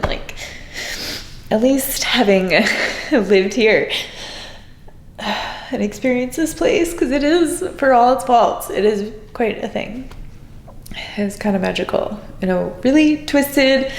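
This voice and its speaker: A young woman vlogging outdoors, tearful and wistful, talking in halting, trailing-off phrases. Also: mid-range voice, darkish tone, echoey room, rough recording. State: tearful, crying. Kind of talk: emotional personal vlog. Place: outdoors by her apartment.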